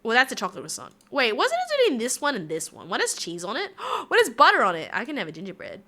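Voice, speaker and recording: An Australian woman streaming live and chatting with her viewers in a bubbly, rambling, giggly way. Her voice sits a little high and sounds bright and forceful, swinging up and down in lively leaps. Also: quick pace. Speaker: livestreamer. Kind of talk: casual stream chat reading viewer comments.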